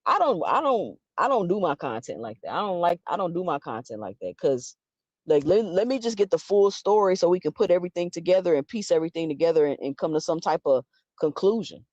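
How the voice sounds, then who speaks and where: A woman offers opinionated boxing commentary, animated and emphatic, firing off rhetorical questions and quickly restarting her sentences. Her voice is fairly low, and the dry recording sounds dull and lo-fi.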